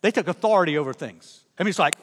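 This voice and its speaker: A middle-aged male pastor delivers a sermon, animated and funny as he acts out the people in his own stories. His voice sits high for a man, and a long hall reverb trails behind every phrase. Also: very fast, slight background noise. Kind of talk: sermon with personal storytelling. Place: church sanctuary.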